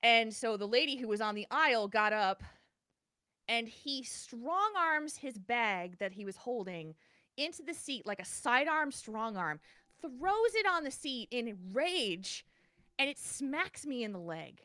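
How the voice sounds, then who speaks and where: A woman co-hosting a podcast, telling a personal story in a casual, animated way with many restarts. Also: on the high side, unhurried, no room sound, studio quality. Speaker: podcast co-host.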